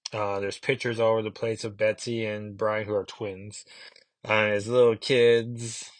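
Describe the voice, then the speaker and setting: A man's voice: fairly low pitch, flat delivery, a little slow, dry recording. A man casually reviewing comic books, rambling with fillers and asides.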